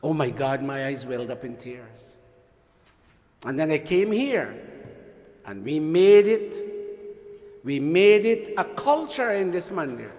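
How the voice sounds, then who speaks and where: A man leading a temple workshop, lecturing in an animated, teasing way and having the audience repeat lines after him. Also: fairly high pitch, slow pace, long pauses, big-room sound. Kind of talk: interactive sermon-style lecture. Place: temple hall.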